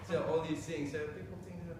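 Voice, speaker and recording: A young man from India giving a halting, chatty speech at a citizenship ceremony, laughing often. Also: fairly high pitch, steady tone, noisy background. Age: young adult. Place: council meeting room. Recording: echoey council chamber from far off.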